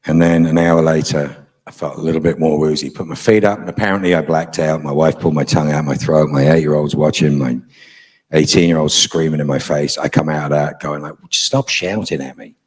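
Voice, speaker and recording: Middle-aged guy on a con panel, swears a lot, dry humor, low husky voice. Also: fairly even intonation, a little fast, darkish tone. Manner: frank, profane, dryly humorous storytelling. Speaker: convention panel guest. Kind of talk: storytelling to a live audience.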